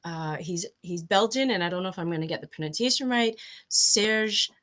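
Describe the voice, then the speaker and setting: A woman's voice: lowish voice, lively intonation, quick pace, a bit bright. A woman guest coach explaining ideas in a casual interview, tripping over her words and laughing at herself.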